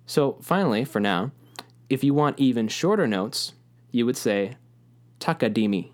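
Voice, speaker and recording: A man's voice: medium pitch, lively intonation, moderate pace. Patient male music teacher explaining rhythm. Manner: patient, clear, speaks rhythm syllables aloud.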